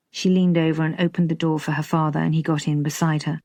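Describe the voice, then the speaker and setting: A woman narrating a romance audiobook in a lively storytelling manner. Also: low voice, fast, hardly any pauses, no echo, clean studio sound. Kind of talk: scripted narration.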